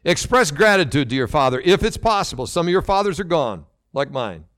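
A man's voice: on the high side, big pitch swings, fairly quick, fairly bright tone, no echo, studio quality. An older man preaching a sermon as pastor, earnest and repeating phrases for emphasis.

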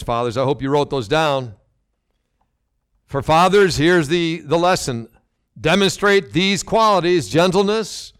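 A man's voice: on the high side, a bit bright, clean tone, no echo, studio quality. An older man preaching a sermon as pastor, earnest and repeating phrases for emphasis.

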